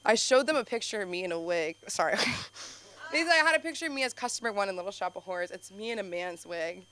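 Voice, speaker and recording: Animated woman telling stand-up stories. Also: medium pitch, fast. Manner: animated storytelling, heavy use of "like". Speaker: stand-up comedian and show host. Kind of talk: stand-up comedy set. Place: comedy club stage.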